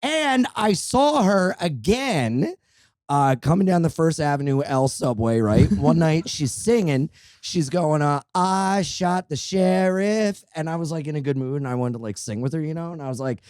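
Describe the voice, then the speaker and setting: A man's voice: a little high, moderate pace, dry recording, clean studio sound. A young man co-hosting a podcast, telling comic stories in casual chat, swearing freely and acting out the people he quotes. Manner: animated, swears freely, acts out quoted voices. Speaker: podcast co-host. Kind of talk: casual comedic storytelling.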